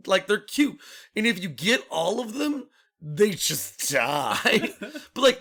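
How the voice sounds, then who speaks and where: A young man co-hosting a podcast, chatting casually. His voice is bright and swings widely in pitch. He tells stories with lots of laughter and acts out other people's lines. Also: slow, husky. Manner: animated storyteller who laughs often and acts out quotes. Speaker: podcast co-host. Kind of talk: casual chat.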